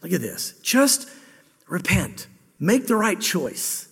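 A male pastor preaching a sermon, voicing God's words in first person, with sudden loud emphatic bursts that drop low again. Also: big pitch swings, takes it slowly, creaky, slightly rough. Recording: long hall reverb.

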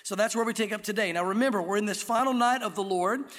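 A pastor preaching a sermon in an earnest, emphatic way, slowing down to stress key words. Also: male voice, sits high, a bit bright. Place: church sanctuary. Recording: long reverb of a church hall.

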